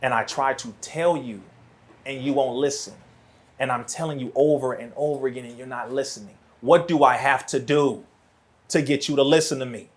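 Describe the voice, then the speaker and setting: A man speaking as a podcast guest, preachy and animated, his voice rising toward near shouts in a studio. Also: medium pitch, moderate pace. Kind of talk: impassioned podcast talk.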